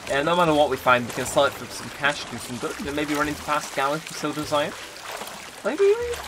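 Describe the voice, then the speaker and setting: Rambling man, slightly higher voice. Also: fast talker, noisy background. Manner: rambling, relaxed, lots of ums and likes. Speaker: gaming channel host. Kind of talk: casual let's play commentary.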